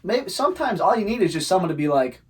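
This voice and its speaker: A man's voice: high voice, big pitch swings, fast talker. A man co-hosting a podcast, rambling casually, teasing his co-host and swearing now and then. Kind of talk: casual chat.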